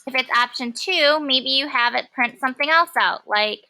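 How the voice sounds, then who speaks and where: A woman teaching a programming lesson, talking casually and thinking aloud with many pauses and fillers. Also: sits high, sharp tone. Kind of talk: classroom coding lesson.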